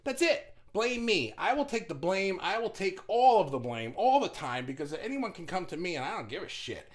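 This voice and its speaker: The voice sits high and sing-song, a little fast, belonging to a middle-aged man who owns a business. He gives casual, blunt motivational advice, swearing freely and often stumbling and restarting sentences.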